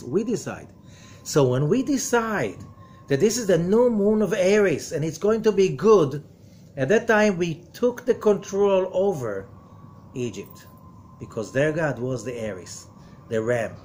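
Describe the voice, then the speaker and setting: Male rabbi-teacher, a touch high-pitched, emphatic lecturer who questions the room and hushes for warnings. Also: a little hiss or hum. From from outside America. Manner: emphatic, full of rhetorical questions; drops to a low, quiet voice for warnings. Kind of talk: lecture to a study group.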